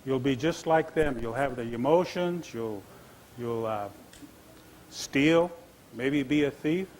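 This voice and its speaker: Creator spirit played by a man, calm, measured, solemn, faint noise. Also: mid-range voice, close to an everyday voice, low-quality recording. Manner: measured, promising.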